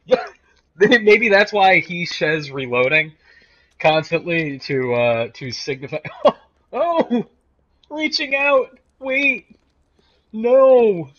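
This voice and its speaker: Guy riffing on a game while he plays, bright lively voice, bit husky, kinda muffled audio. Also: high voice, extremely slow, long pauses. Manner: jokey, sarcastic, laughs often. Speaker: game streamer. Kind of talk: casual gameplay commentary. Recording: dull lo-fi stream audio.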